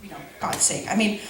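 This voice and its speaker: A woman doing stand-up comedy who rambles through a story with stumbling restarts and giggly asides. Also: mid-range voice. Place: school event hall. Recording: echoey hall, far from mic, noisy.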